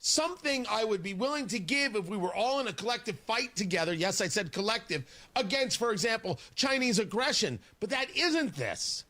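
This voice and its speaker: Talk radio guy, high bright voice, bounces all over, sarcastic and fired up. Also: big pitch swings, a little fast, hardly any pauses. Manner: indignant, sarcastic, emphatic. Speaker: radio talk show host. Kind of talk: opinionated talk radio monologue. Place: radio studio. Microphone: studio microphone.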